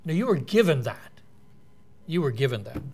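A man's voice: on the high side, big pitch swings, normal speed, a little mellow, slightly rough. A man preaching a sermon in an earnest, explanatory way, quoting and unpacking scripture.

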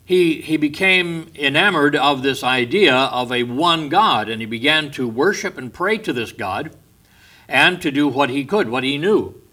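A man's voice: a little high, expressive, unhurried, bright, forceful tone. A man giving a Bible study lecture, explaining step by step, stressing key words and restating his points. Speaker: Bible teacher.

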